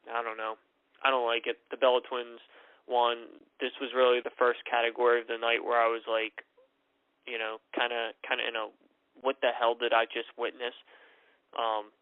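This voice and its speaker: A tired man hosting a solo podcast, rambling and opinionated, with lots of ums and restarts. His mid-pitched voice comes through a thin, phone-like line. The room sounds dry and close. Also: no room sound. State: tired and yawning. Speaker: podcast host. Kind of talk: solo wrestling podcast recap.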